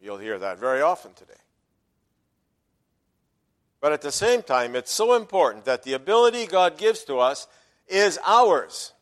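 A man's voice: on the high side, big pitch swings, normal speed, pauses often. Emphatic pastor, a man preaching. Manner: emphatic, swings between quiet asides and loud quoted verses. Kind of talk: sermon.

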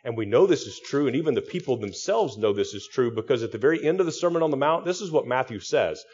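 A man's voice: mid-range voice, lively intonation, fast, a little mellow, highs cut off. A male pastor giving an expository sermon, teaching through a text with frequent restarts and repeated words.

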